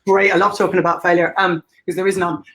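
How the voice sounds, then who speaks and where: A woman's voice: on the low side, level tone, fast talker, a bit bright, low-quality recording. An Irish woman in her thirties tells her story with blunt candor, swearing freely. She laughs often as she talks and keeps the tone of casual interview chat. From Ireland. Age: 30s. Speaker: guest.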